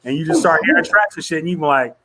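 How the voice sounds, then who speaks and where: A man co-hosting a podcast in casual chat, telling animated stories and acting out quotes. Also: fairly high pitch, racing, very noisy. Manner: animated storytelling, acts out quotes. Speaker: podcast co-host.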